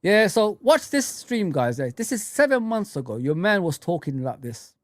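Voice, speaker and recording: A man's voice: high-pitched, very animated, normal speed, no room sound, clean studio sound. A man hosting a football fan livestream, ranting heatedly with lots of swearing and repetition, then chatting with viewers. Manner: heated, swearing, repeats himself. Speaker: football fan channel host. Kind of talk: livestream rant and chat.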